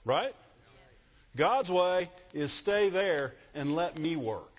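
A middle-aged man preaching to a church congregation, husky and slightly raised in pitch. He talks slowly and swings his pitch a lot, asking the room questions as he goes. The recording sounds dull and rings with long hall reverb. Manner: animated, asks the congregation questions. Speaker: pastor. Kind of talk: sermon.

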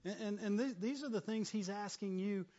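A man's voice: high voice, fairly quick, dark tone. A man preaching a sermon as pastor, punctuating his points with "right?" and "amen?", often stammering and laughing. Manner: repetitive call-and-response, frequent "right?" and "amen?". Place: church hall. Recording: long church reverb, dull lo-fi sound.

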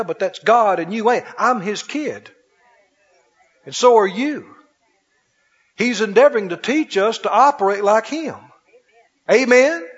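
A male pastor preaches with a high, slightly husky voice, repeatedly turning to his congregation with questions and calls for agreement. The recording sounds dull and muffled, and his voice rings out with a long reverb like in a large hall. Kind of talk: sermon.

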